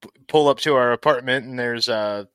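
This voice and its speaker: A man's voice: mid-range voice, normal speed, a bit bright, clean tone, no room sound. Laid-back, laughing podcast co-host man. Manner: laid-back, laughs often, swears casually. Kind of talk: casual chat over drinks.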